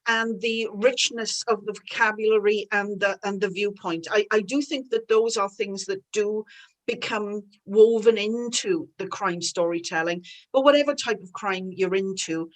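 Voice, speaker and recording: A woman's voice: medium pitch, moderate pace, poor audio. Chatty Swansea-accented woman. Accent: Swansea Welsh. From Wales. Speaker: panel guest, crime author. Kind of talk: casual online panel chat.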